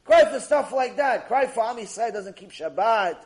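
High-voiced man giving an animated Torah talk. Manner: animated, acts out dialogues, reads Hebrew quickly. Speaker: Torah teacher. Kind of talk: mussar lecture.

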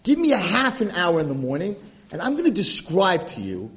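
A man doing a kind gentle old artist. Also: high-pitched, huge pitch swings, a little fast, pitched above the performer's own voice. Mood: earnest. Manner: friendly, warm-hearted, polite.

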